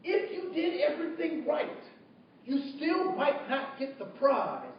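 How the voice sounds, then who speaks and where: A man speaking to a live audience with a lively, swinging pitch, full of questions and back-and-forth dialogue. The mic sits far from him in a big room, so his voice comes through dull and washed in echo. A faint noise runs underneath. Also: a little slow. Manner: animated, asks the audience questions, acts out dialogue. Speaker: diversity trainer. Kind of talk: storytelling talk to a live audience.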